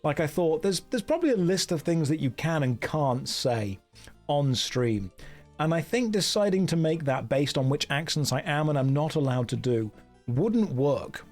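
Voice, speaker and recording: A man's voice: fairly high pitch, animated, moderate pace, faint music behind. A British man chatting casually on a game stream, joking, mocking himself and reading out chat. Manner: joking, self-mocking, reads chat aloud.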